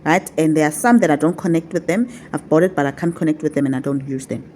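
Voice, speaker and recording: Mellow-voiced woman giving spiritual lessons. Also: deep voice, fast talker, slight background noise. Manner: repetitive, coaxing, affectionate. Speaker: spiritual teacher. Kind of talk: casual vlog teaching.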